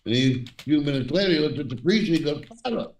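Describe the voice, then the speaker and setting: A man's voice: fairly high pitch, animated, very fast, darkish tone, slight background noise. A man telling a joke on a live stream in an easygoing, storytelling manner. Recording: echoey room, distant from the mic.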